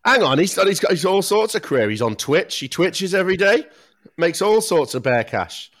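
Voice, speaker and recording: Animated man in podcast banter. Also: sits high, moderate pace. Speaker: podcast co-host. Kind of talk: casual chat.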